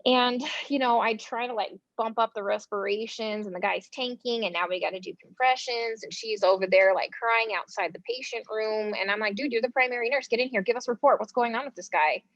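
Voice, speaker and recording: An American woman recounts her nursing experiences in a relaxed, conversational interview. She tells the stories animatedly, often mimicking the people involved. The recording sounds somewhat dull and lo-fi, with a dry, close room sound. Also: fairly high pitch, fairly quick, hardly any pauses, no echo. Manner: animated, acts out quoted dialogue; casual speech with frequent fillers. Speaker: front line nurse, interview guest.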